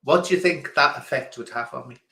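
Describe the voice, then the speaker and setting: A man's voice: medium pitch, brisk, gravelly, bright, forceful tone. A man hosting a quiz on a livestream in casual chat, theatrical and grand in a self-mocking way, calling his listeners darling. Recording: echoey room.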